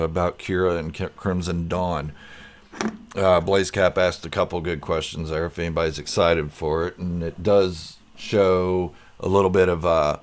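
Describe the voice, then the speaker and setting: An American man hosting a casual live stream, chatting loosely and greeting viewers by name. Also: deep voice. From United States.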